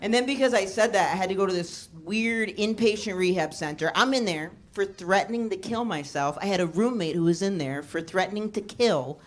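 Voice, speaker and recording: A woman doing a stand-up set on a comedy club stage, telling stories in a deadpan way and jumping into quick voices for her family. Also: medium pitch. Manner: deadpan storytelling, acting out her dad and mom in quick voices. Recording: live club recording, crowd laughter and noise. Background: audience laughter.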